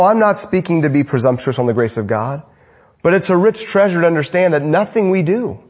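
A man preaching an evening sermon, rising to emphatic lines and dropping to hushed, low endings, repeating phrases for emphasis. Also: slightly rough.

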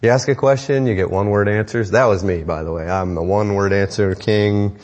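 A man's voice: on the low side, normal speed, a little mellow, muffled recording. A middle-aged man preaching a sermon to parents in a conversational, joking way, with self-deprecating asides. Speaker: pastor.

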